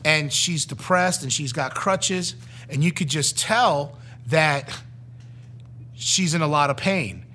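A middle-aged man with a voice that sits a little high tells his own testimony as a former youth pastor. He tells it in a lively way and acts out each person he quotes. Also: slow. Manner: animated storytelling, acting out the people he quotes.

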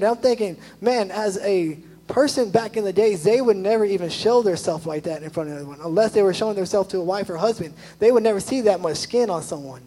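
A young male youth pastor preaches in a loose, conversational way, scattering "like" through his sentences. His voice sits high and has a husky edge. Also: rough recording. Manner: chatty, animated, full of "like" asides. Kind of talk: casual sermon.

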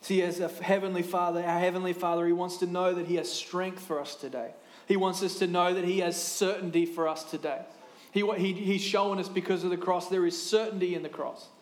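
Pastor guy preaching, kinda high voice, chatty and animated, lots of echo in the church. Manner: lively, conversational preaching with quick asides and self-corrections. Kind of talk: sermon.

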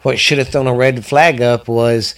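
A man's voice: mid-range voice, fairly even intonation, normal speed. A middle-aged man from Texas, hosting a podcast and telling stories in casual chat, full of joking asides. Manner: joking, interrupts with playful asides. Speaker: podcast host.

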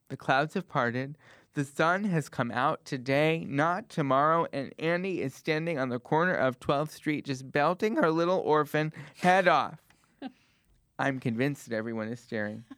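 A man in his twenties telling a comic story as a stand-up comedian, animated and self-mocking, with sudden jumps in pitch. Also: clean tone, no room sound, clean studio sound. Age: 20s.

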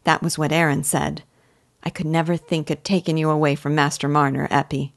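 A loving young village daughter, soft-spoken and earnest, as a woman reader gives her voice. The voice sits low and sounds close and dry, with no room around it. It carries a gentle warmth. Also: flat delivery, brisk, creaky, no echo.

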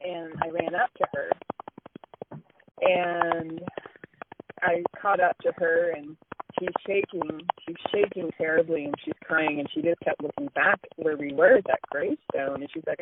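A man telling a ghost story over the phone in an animated way, with a crackly line. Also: fairly high pitch, unhurried, creaky. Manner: animated storytelling with acted quotes.

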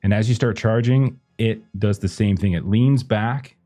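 A man's voice: on the low side, moderate pace, warm tone, soft background music. A man running a tabletop game as game master, narrating loosely with many fillers. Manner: hesitant, lots of kinda and uh.

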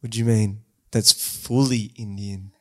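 A man hosting a podcast in casual chat, jokey and quick to laugh. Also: fairly low pitch, fairly even intonation, sharp tone. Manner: jokey, bursts into laughter and silly put-on voices. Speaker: podcast host.

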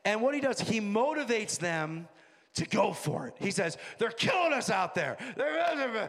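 A high-voiced man preaching in a reverberant hall, his voice rough with a gravelly edge. He moves between quiet, joking asides and shouted rallying calls. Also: big pitch swings, measured pace. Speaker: pastor. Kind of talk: sermon.

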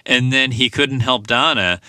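A man's voice: medium pitch, measured pace, sharp tone, no echo, studio quality. A man hosting a podcast, recapping a TV episode in casual, rambling talk full of "you know" fillers. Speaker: podcast host.

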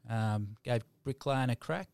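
A man's voice: mid-range voice, a little slow, creaky, darkish tone, smooth, no room sound. A middle-aged man from New Zealand with a Kiwi accent, a guest chatting casually and joking in a laid-back way. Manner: laid-back, jokey, lots of mate and bro. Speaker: podcast guest. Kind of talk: casual chat.

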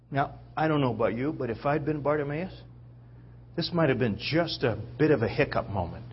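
A man's voice: medium pitch, brisk, breathy edge, highs cut off. A man preacher delivering a sermon, telling the story vividly and checking in with listeners. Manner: animated storytelling, acts out quotes, checks in with listeners.

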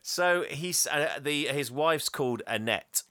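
A man recapping a film in casual comedic chat, laughing and acting out the lines in quick voices. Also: on the high side, lively intonation, bright, forceful tone, smooth, no echo, clean studio sound. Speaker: podcast host recapping a film.

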